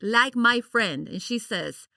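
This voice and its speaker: A middle-aged woman from Guatemala, a podcast guest, telling her story in an animated, expressive way and acting out her past reactions. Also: fairly high pitch, takes it slowly, vocal fry, no echo, studio quality. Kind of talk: personal storytelling in an interview.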